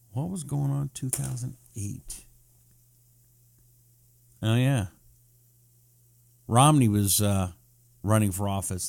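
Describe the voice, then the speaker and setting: A man hosting a live political talk show, reading viewer comments in a sarcastic, animated way. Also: a little high.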